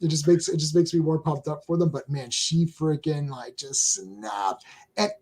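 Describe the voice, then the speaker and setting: A man co-hosting a casual chat show, talking excitedly with many restarts and reading viewer comments aloud. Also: a little high, brisk, slightly rough. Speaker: co-host.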